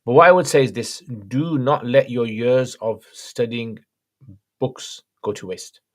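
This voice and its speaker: A man hosting a casual livestream Q&A, reading viewer questions aloud and answering them plainly in a relaxed, conversational way. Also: mid-range voice, measured pace.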